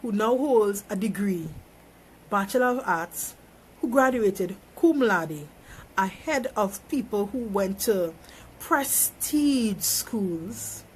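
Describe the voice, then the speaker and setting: A small business owner speaks on a phone live stream, delivering an emphatic, preachy motivational monologue and repeating phrases for effect. Her mid-range voice is animated but slow-paced, with a little hiss or hum in the background.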